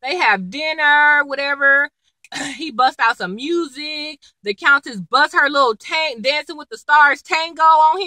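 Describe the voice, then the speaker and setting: Bright, lively young woman recapping TV. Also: high-pitched, moderate pace, rough recording. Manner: animated, slangy, acts out quotes. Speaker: TV episode reviewer. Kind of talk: casual chatty recap.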